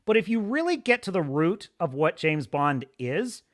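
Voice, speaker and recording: A man hosting a live stream, ranting through animated, profane commentary. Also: fairly high pitch, normal speed. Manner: animated, swearing, exclaiming. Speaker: host of a live show.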